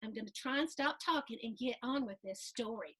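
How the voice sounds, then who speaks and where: A woman's voice: on the high side, brisk, a bit bright, slightly rough. A woman hosting a children's storytime, reading a picture book aloud with lots of questions and sound effects. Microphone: video stream.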